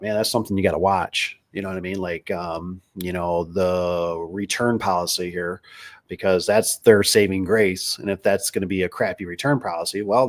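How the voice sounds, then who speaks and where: Rambling male streamer, casual and chatty, lowish voice, lots of fillers. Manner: rambling, storytelling with many fillers and restarts. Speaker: livestream host, garage door business owner. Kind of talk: casual livestream chat reading comments.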